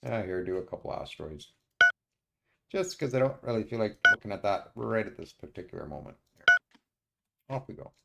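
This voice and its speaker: A man streaming a strategy game, muttering his moves to himself and often pausing with uhs. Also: lowish voice, expressive, gravelly, heavy background noise. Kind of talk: casual let's-play commentary.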